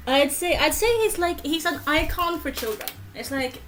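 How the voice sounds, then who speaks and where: A woman's voice: high-pitched, moderate pace, a bit bright, slight background noise. A young woman player in a casual role-play game, giggly and rambling. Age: young adult.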